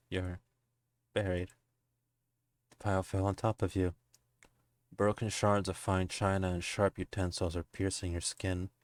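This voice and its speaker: A man's voice: low-pitched, a little mellow, dry recording. A man streaming a text game, reading its narration aloud and breaking off into giggles and profane asides.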